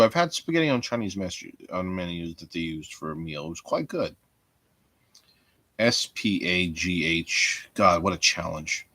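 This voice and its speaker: A man's voice: lowish voice, big pitch swings, normal speed, a bit bright, husky, dry recording. A man hosting a rambling solo podcast from home, profane and jokey, muttering asides to himself. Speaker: podcast host.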